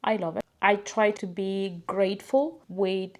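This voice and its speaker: A young woman with a Spanish accent, a native Spanish speaker from a small tropical country, answering viewer questions in a casual, hesitant way with fillers and soft laughs. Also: mid-range voice, steady tone, unhurried. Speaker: vlogger. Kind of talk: casual Q&A to camera.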